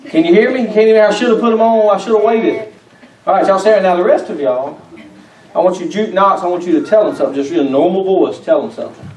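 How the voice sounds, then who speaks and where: A man's voice: sits high, quick pace, darkish tone. Man teaching kids, patient. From Georgia, US. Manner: patient, coaxing, asks many questions. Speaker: children's church teacher. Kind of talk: hands-on lesson for kids. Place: church room full of children. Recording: echoey room from far off, kids chattering.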